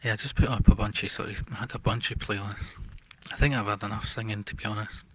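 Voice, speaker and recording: A man chatting casually as a music streamer, reading out viewer comments and trailing off quietly. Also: on the low side, fairly even intonation, quick pace, slightly rough.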